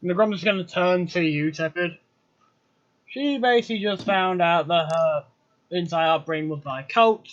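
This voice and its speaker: A man's voice: high voice, normal speed. Man running a tabletop game, lo-fi. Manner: casual, swears, voices an NPC. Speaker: game master. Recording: dull lo-fi audio.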